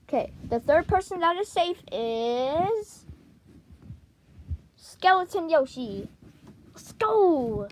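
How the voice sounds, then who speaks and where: Excitable high-voiced woman hosting a toy show. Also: slow, long pauses, slight background noise, poor audio. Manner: excitable, jumps between characters' voices. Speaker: host of a plush-toy game show. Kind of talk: playful toy role-play narration.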